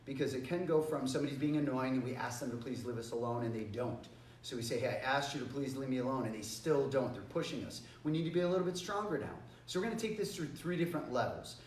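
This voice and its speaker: A man's voice: mid-range voice, fast talker, darkish tone, slight background noise. Man coaching kids in an echoey studio. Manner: encouraging, rhetorical questions, leads call-and-response drills. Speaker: martial arts instructor. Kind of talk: teaching a kids' anti-bullying class. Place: martial arts studio. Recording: echoey room, voice a bit far from the mic.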